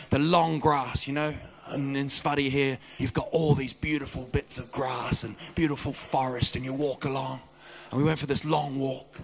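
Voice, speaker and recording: A man doing a stand-up comedy routine on stage, telling stories and bursting into loud shouted impressions of the people in them. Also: mid-range voice, gravelly. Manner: animated storyteller, mimics people with loud shouted voices. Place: comedy stage before a live audience.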